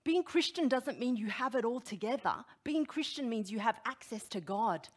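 A middle-aged woman preaching a sermon, animated and emphatic, putting direct questions to her listeners. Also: fairly high pitch, normal speed, few pauses.

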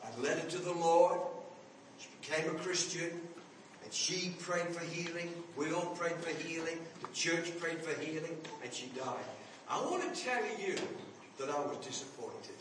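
A man's voice: fairly high pitch, normal speed, very echoey, far from the mic, background noise. A man in his seventies preaching a sermon, telling a personal story earnestly and building to emphatic points. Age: 70s.

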